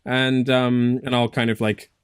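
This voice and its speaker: A man's voice: medium pitch, flat delivery, a little slow, clean tone, no room sound, studio quality. An English man hosting a podcast, telling stories in a joking, playful casual chat. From England. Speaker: podcast host.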